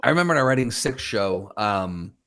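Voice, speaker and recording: A man's voice: lowish voice, expressive, a little fast, sharp tone, clear, resonant tone. A man co-hosting a podcast, telling rambling stories in casual chat. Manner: rambling storyteller, many restarts and fillers. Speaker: podcast co-host.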